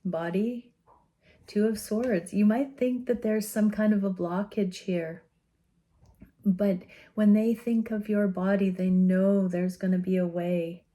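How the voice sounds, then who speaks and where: A woman giving an intuitive tarot reading, speaking in a gentle, soothing and earnest way with soft laughs. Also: medium pitch, fairly even intonation. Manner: slow, gentle and soothing, often laughing softly; earnest and openly emotional. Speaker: tarot reader.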